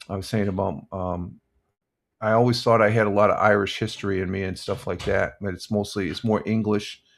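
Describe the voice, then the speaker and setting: A man's voice: lowish voice, gravelly. An older American man hosting a casual live stream, rambling with many restarts and giving blunt opinions while reading viewer comments. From United States.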